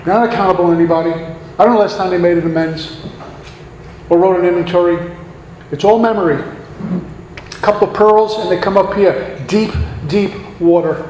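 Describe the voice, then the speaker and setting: A man's voice: high-pitched, darkish tone. A man speaking at a recovery meeting in an earnest, sermon-like way, full of rhetorical questions. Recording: echoey hall, faint background noise.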